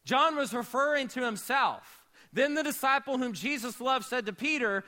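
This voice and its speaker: Man, pastor, sermon, animated, high voice, bright tone. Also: moderate pace. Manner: animated, swings between shouting and hushed storytelling.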